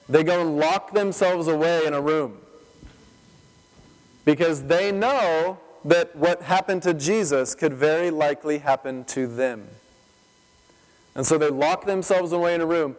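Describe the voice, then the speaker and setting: A man delivers a sermon in a fairly high voice, telling the scripture as a vivid story. He keeps asking rhetorical questions of his listeners. His words trail off into the long reverb of a large hall. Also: unhurried, long pauses. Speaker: pastor.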